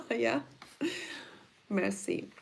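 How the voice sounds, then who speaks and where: A woman's voice: fairly high pitch, huge pitch swings, extremely slow, vocal fry, a little mellow. A woman with a Russian accent answering viewer questions in a casual livestream, blunt and frank in her chatty talk.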